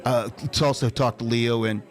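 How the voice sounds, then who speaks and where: A man with a mid-range voice hosts a radio show, chatting casually at a moderate pace in a steady tone, with a faint crowd in the background. A radio host, he tells rambling stories and restarts often.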